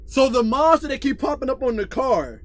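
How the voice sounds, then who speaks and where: A young man streaming a game from his room on a headset mic, chatting in slangy casual commentary and yelling loudly at the scares. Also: very high-pitched, lively intonation, brisk. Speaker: gaming streamer. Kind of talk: casual live gameplay commentary.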